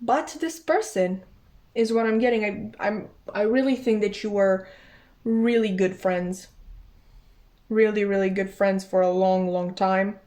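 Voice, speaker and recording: A woman's voice: mid-range voice, fairly even intonation, measured pace, dark tone. A young woman chatting casually through a tarot card reading, thinking aloud, often apologizing and restarting her sentences. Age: young adult. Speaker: tarot reader.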